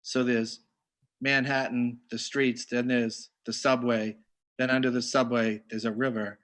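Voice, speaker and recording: A man's voice: mid-range voice, level tone, unhurried, fairly bright tone. A man hosting a casual chat, jumping in enthusiastically with exclamations. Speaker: host.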